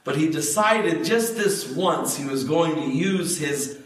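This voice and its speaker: A man's voice: fairly high pitch, takes it slowly. Preacher man in an echoey hall. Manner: storytelling, animated, acts out quoted voices. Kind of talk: sermon. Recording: echoey hall, mic at a distance.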